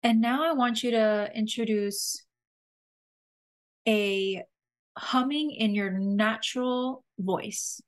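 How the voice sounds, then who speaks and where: A woman hosting a podcast, slowly and gently guiding listeners through a breathing and humming exercise. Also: a little high. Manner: gentle, slow guiding instructions with soft laughs. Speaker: podcast host leading a somatic exercise.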